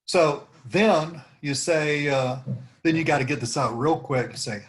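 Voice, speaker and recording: A man's voice: a little high, takes it slowly. A man leading an informal team meeting over a video call, rambling through tips and acting out sample phrases. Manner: rambling, demonstrates phrases with rising intonation. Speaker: team leader coaching cold calls.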